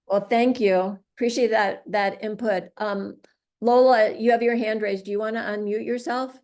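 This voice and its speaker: A woman hosts an online class over a video call. Her pitch sits in a middle range, and she keeps things moving with brief nods of agreement and practical instructions. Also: normal speed. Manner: encouraging, with steady backchannel. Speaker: class host.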